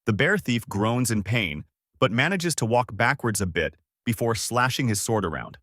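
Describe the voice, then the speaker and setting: A man reads a fan-made adventure story aloud with a low voice. His reading is animated, with lively swings in pitch. The recording is dry and close. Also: dry recording.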